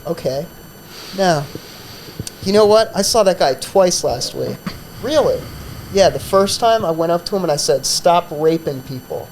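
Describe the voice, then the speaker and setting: A man's voice: high voice, expressive, normal speed, pauses often, darkish tone, slight background noise, poor audio. A man who hosts a comedy podcast, telling a profane, rambling story in a casual chat full of fillers.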